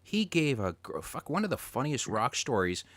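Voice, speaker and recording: Excitable swearing man hosting a podcast. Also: medium pitch, moderate pace, no echo. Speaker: podcast host. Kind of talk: casual podcast chat.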